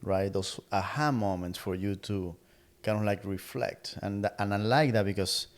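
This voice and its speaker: Middle-aged man, fairly low voice, earnest motivational podcast co-host, thinks aloud with restarts. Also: moderate pace. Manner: earnest, repeats words while searching for phrasing. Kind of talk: casual motivational chat.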